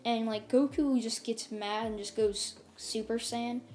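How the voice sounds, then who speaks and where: A woman's voice: fairly high pitch, fairly even intonation, unhurried, hardly any pauses, darkish tone. A woman casually narrating a fan story off the cuff, rambling and filling her talk with "like" and "and stuff". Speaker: channel host. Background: faint music.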